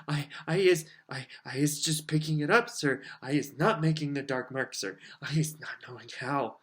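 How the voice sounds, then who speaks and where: A man doing a squeaky, terrified female house-elf. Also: moderate pace, fairly bright tone, close to an everyday voice. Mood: pleading. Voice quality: squeaky, high, stammering.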